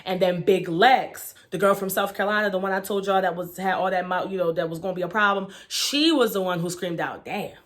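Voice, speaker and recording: Woman, young adult, casual profane vlog recap, chatty, frank. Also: on the low side. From Baltimore, Maryland. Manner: blunt, profane, chatty with many fillers. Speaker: reality show reviewer.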